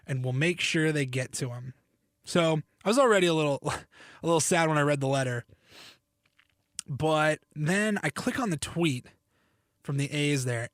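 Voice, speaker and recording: Young man, slightly hoarse, fairly high voice, dry close sound. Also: a bit bright, no echo. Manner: chatty, self-deprecating, stammers and restarts. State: slightly hoarse, needs to cough. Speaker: podcast host. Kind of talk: casual sports podcast monologue.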